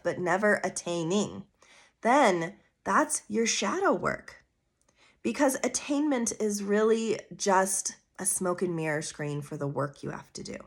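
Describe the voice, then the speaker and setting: A woman hosting her own astrology podcast, talking in an earnest, coaching way with casual asides and rhetorical questions. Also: medium pitch. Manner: casual with fillers like "vibe" and "you know". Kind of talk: solo podcast monologue.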